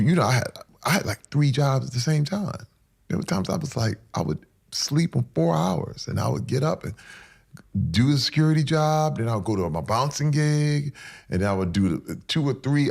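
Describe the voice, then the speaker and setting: A man opening up as an interview guest, earnest and emphatic, leaning on repeated phrases to drive each point home. His voice is gravelly, with a husky edge, and he now and then sinks into a near whisper. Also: mid-range voice. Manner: drops to a hushed whisper at moving moments. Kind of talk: candid personal storytelling.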